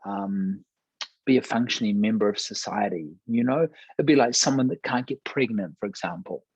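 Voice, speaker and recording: A man speaking with a low, husky voice, earnestly telling a testimony and acting out the voices in his story. He sounds close to the mic, and the sound is dry and unroomy. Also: moderate pace, darkish tone, dry recording, lo-fi sound. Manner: earnest storyteller, acts out quoted dialogue. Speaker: pastor.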